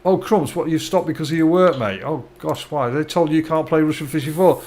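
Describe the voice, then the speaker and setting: A man's voice: on the high side, expressive, fairly quick, hardly any pauses, darkish tone. A middle-aged man, chatting casually to viewers while live-streaming a game, friendly and stumbling over his words.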